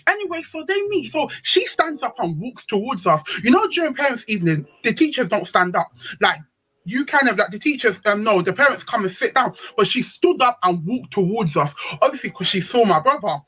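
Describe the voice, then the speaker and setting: Young woman, high voice, very animated delivery, casual storytelling on a live panel stream. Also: fairly quick, breathy edge, rough recording. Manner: animated, acts out quoted voices. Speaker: panel guest.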